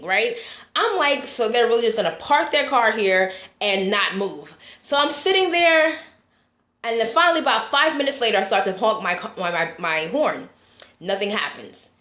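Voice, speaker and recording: Animated woman life coach on a live stream. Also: a little high, roomy sound. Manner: animated storytelling, frequent "right?" asides. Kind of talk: live-stream motivational talk.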